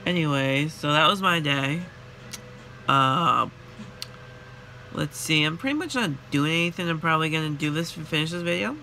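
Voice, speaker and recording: A tired young man telling a chatty, animated story about his workday in a casual vlog. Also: fairly high pitch, normal speed, vocal fry, long pauses, soft background music. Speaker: vlogger and retail worker.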